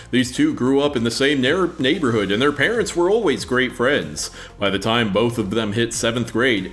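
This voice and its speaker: A young man narrating a story on a comedy podcast with a lively, rising and falling delivery. He reads in a playful, theatrical way, and there is faint music underneath. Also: mid-range voice. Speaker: podcast host reading a story aloud. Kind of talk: comedic dramatic reading.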